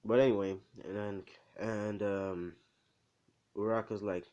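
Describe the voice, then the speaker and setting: A man spins a fan story off the cuff in a low, easygoing voice. He rambles, stops for fillers, and checks in with the listener as he goes. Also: fairly even intonation, measured pace, dark tone, clean tone, muffled recording. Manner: rambling, full of fillers and "right?" asides. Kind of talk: casual improvised fan-story narration.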